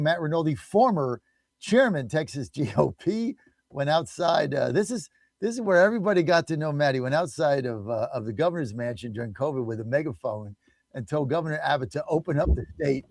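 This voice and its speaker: A man hosting a live talk radio show, emphatic and animated, often laughing as he talks. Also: a little high, brisk, no room sound, studio quality.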